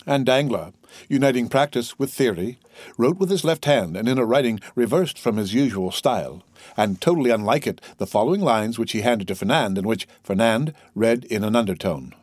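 Here a male audiobook narrator delivers scripted narration of a classic novel, keeping an even, measured storytelling pace. He speaks at medium pitch, and the recording carries no room sound.

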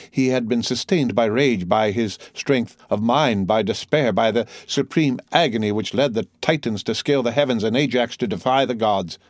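A man narrating a classic novel aloud in a measured, dramatic reading. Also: medium pitch, darkish tone, no echo, studio quality. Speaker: audiobook narrator.

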